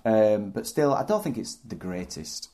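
A man's voice: fairly low pitch, very animated, measured pace, warm tone. A man co-hosting a podcast, chatting casually in a hesitant, rambling way with dry jokes. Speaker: podcast co-host. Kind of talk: casual chat.

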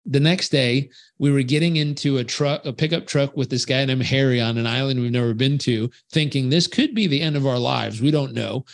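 Animated male storyteller in a podcast interview. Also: medium pitch, a little fast, vocal fry, few pauses. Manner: animated storyteller who acts out quoted voices. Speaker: guest, life coach. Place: home on a rural island beach.

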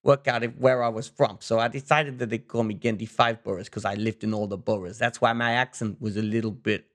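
Low-voiced man telling rambling stories. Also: fairly even intonation, a little fast, fairly bright tone. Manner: rambling storyteller, many restarts and "like"s. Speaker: podcast co-host. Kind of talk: casual chat.

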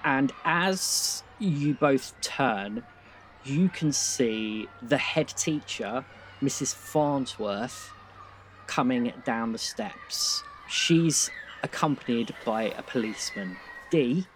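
A British man leads a tabletop game as game master, narrating in a relaxed, easygoing way with the odd chuckle. His voice sits at an ordinary pitch, with faint noise behind it. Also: slow.

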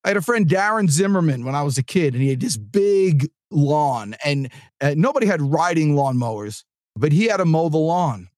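A man's voice: a little high, normal speed, no echo. A man from New Jersey hosting a sales podcast in a casual, rambling motivational monologue full of restarts. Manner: animated and rambling, with many restarts. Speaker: podcast host and sales trainer.

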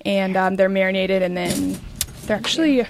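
A woman's voice: medium pitch, steady tone, moderate pace, noisy background. A woman from Kansas, a guest chef explaining her dishes in casual chat, laughing often and poking fun at herself. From Kansas, USA. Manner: laughs often, chatty and self-deprecating.

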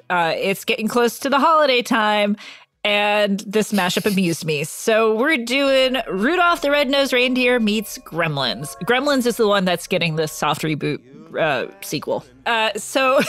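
A woman's voice: mid-range voice, a bit bright. A woman co-hosting a podcast in casual chat, chatty and self-deprecating, laughing easily. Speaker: podcast co-host.

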